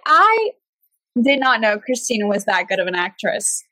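A young woman chatting casually about high school, earnest and full of "like". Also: sing-song, moderate pace, bright, forceful tone, no room sound, low-quality recording. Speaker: podcast guest. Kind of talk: casual storytelling chat.

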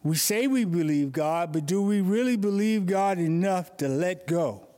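A man's voice: sits high, lively intonation, a little slow, dark tone. A male pastor preaching an earnest morning sermon, telling stories to make his points.

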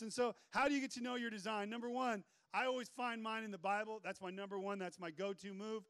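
Male preacher, high voice, animated and joking, live room. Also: clear, resonant tone. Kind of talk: energetic sermon. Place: room with an audience.

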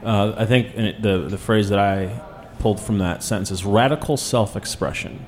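A man's voice: lowish voice, steady tone, normal speed, slight background noise. A man hosting a radio show, interviewing a guest in a teasing, playful way. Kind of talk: casual interview.

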